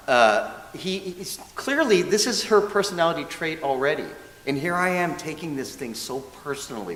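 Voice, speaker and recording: Lively storytelling man in an echoey hall. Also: on the high side. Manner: lively, self-mocking storyteller who often laughs and acts out quotes. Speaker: minister's assistant giving a dharma talk. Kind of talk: storytelling sermon. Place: church hall. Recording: echoey hall with faint hiss.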